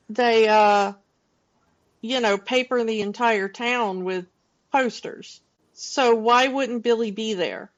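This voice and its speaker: A woman co-hosting a film podcast, talking through her thoughts in an unhurried, casual way. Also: a little high, dull audio. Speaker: podcast co-host.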